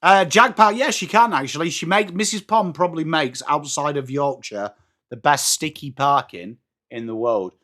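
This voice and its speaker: Chatty English host for a live footy watchalong: high, bright voice, bouncing between play calls and viewer chat. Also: male voice, normal speed. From England.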